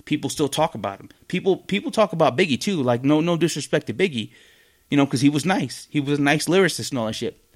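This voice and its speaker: A man's voice: on the high side, animated, fast. A man hosting a podcast, delivering a blunt, heated, profane rant in casual commentary with many fillers and restarts. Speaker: podcast host.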